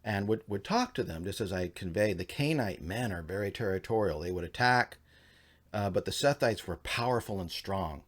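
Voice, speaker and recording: A man teaching religious history in a casual, rambling way, with animated storytelling and lots of fillers. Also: fairly low pitch, normal speed.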